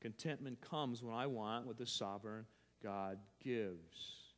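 A man's voice: mid-range voice, expressive, unhurried. Guy preaching a sermon, big church echo, punches and repeats lines, mid voice. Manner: emphatic, repeats phrases, frequent restarts. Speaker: pastor. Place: church sanctuary. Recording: long church reverb.

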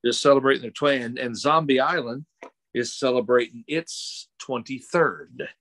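A man's voice: mid-range voice, normal speed, no room sound. A middle-aged man from Missouri, a voice actor telling stories in a casual interview and acting out other people's voices as he goes. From Missouri, USA. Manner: animated storyteller, acts out other people's voices.

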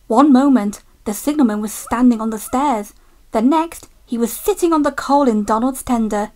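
Brief: female storybook narrator, slightly high voice, slow and gentle delivery. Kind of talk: storybook reading.

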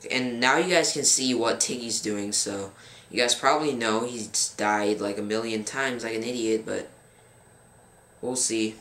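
A young man in his teens giving casual gameplay commentary as a gaming channel host, rambling, filling pauses with um and grumbling at his game. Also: medium pitch, fairly bright tone. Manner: frustrated, rambling, fills pauses with um. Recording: roomy with faint background noise.

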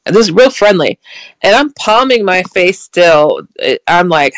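Animated, gravelly woman telling a story. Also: fairly low pitch, moderate pace, no echo, low-quality recording. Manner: animated, stutters, laughs often. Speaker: interview guest. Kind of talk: personal storytelling.

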